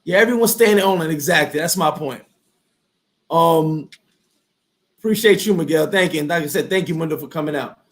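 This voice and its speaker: A man hosting a casual talk show, speaking in a lively, preachy motivational way. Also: fairly high pitch, a little fast, long pauses. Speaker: host. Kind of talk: casual chat.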